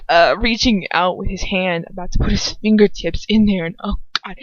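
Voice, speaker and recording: A woman's voice: mid-range voice, normal speed, dry recording. A woman reading a first-person fan fiction story aloud, emotive and casual, with chatty asides. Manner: emotive, breaks off into giggly asides. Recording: dull, dry lo-fi recording.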